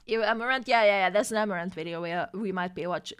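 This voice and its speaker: A woman's voice: medium pitch, fast talker, a bit bright, a little hiss or hum. A woman live streamer chatting casually, flustered and swearing as she troubleshoots her setup.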